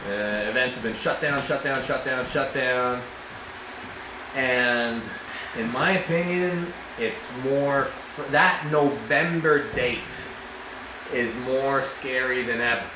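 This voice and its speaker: A Canadian man chats in a lively, rambling way, circling back over the same words as his enthusiasm builds. He sounds like he is in an echoey room, with noise audible behind him. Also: mid-range voice, slow pace, muffled recording. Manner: animated, rambling, repeats himself. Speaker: arm wrestler and show host. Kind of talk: casual chat.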